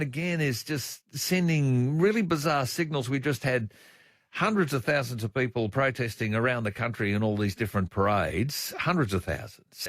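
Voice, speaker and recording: A man's voice: mid-range voice, dry recording, clean studio sound. Indignant Australian male interviewer. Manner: conversational, indignant, animated emphasis. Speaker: interviewer, host. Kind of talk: political interview.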